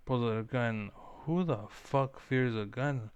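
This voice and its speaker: A man's voice: mid-range voice, takes it slowly, highs cut off, very noisy. A man streaming a game, ranting in a rambling, profane way as he comments on the play. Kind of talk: live-stream gaming commentary.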